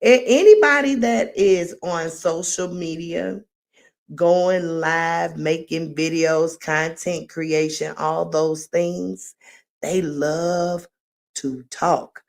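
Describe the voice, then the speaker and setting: A woman's voice: low voice, level tone, very slow, gravelly. A woman talking casually on her own live stream, rambling and chatty, who laughs at her own jokes and refers to herself in the third person.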